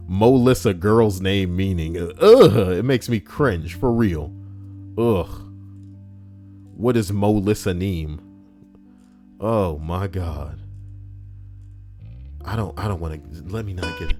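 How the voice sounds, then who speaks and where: A man live-streaming, reading out stories and donations in casual, profane banter that jumps between mumbling and loud outbursts. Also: low voice, expressive, measured pace, faint music behind.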